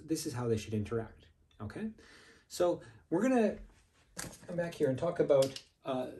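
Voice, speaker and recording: Mellow-voiced man giving a physics lecture. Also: mid-range voice. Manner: casual explanatory, frequent "okay?" checks. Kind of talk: recorded lecture.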